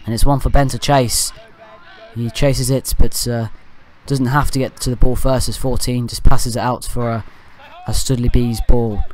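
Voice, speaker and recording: Bloke doing fan commentary over footage, rambly, jokey asides, keeps correcting himself, normal pitch. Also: male voice, little pitch movement, moderate pace, a little mellow. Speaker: fan channel match commentator. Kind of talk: casual voice-over match commentary.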